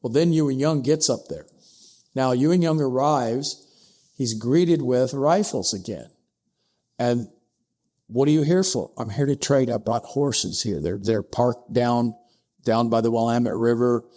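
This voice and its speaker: A man telling a historical story as a podcast guest, acting out the dialogue with sudden rises in pitch. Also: unhurried, dark tone. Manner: acts out dialogue with pitch jumps, asides like "I'm paraphrasing". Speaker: podcast guest, distillery co-founder.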